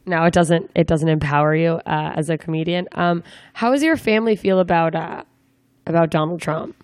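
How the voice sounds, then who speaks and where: A young woman hosts a loose interview, asking rambling questions and tossing in jokes as she goes. Her voice sits a little low for a woman, and the dry recording carries no room echo. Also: normal speed, a little mellow. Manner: chatty, rambling, joking questions with fillers. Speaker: interviewer, comedian. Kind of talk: casual interview chat.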